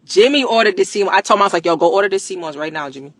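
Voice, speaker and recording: A woman chatting casually on a live stream. She is animated, slangy and emphatic, repeats phrases for emphasis and laughs often. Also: medium pitch, racing, dry recording. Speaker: livestreamer promoting a product.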